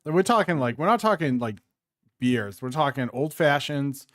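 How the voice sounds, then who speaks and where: A man's voice: medium pitch, expressive, normal speed, dry recording, clean studio sound. A man co-hosting a podcast, upbeat and enthusiastic in casual chat. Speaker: podcast co-host.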